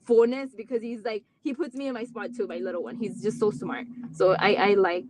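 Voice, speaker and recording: A woman's voice: medium pitch, brisk. A woman, a mother, telling her family's story in an earnest, heartfelt way, with long run-on sentences and many "like" fillers. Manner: animated when retelling conversations. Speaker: parent guest. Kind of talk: candid personal storytelling in a live interview.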